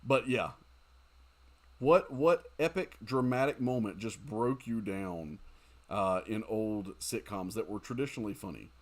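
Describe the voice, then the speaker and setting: Here the streamer's voice sits fairly low and he takes his time. As he plays a mobile game, he keeps up lively, casual banter with chat, leaning heavily on "dude" and "um."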